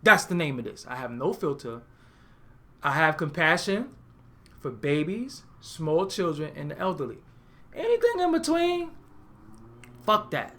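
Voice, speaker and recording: A man's voice: a little high, moderate pace. Blunt, profane New York man ranting. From Brooklyn, New York. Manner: blunt, profane, animated storytelling. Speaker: host. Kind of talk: profane comedic rant.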